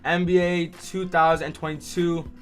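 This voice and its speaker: A young man hosting a live sports stream, reacting excitedly and answering chat by name. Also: a little high, a little slow, soft background music. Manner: excitable, reads chat names aloud.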